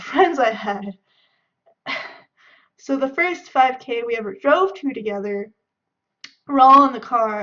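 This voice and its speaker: A young woman from the Bay Area of California, chatting and giggling as she answers questions in a casual video. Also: high-pitched. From San Francisco Bay Area, California. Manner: chatty and giggly, acts out friends' shouting. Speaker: vlogger. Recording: dull lo-fi sound.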